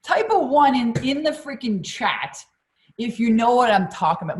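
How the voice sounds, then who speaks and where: A woman's voice: on the high side, moderate pace. A woman business coach on a live stream, talking energetically to her audience, swearing freely and often checking in with "okay?" and "you guys". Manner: energetic, profane, keeps addressing the audience.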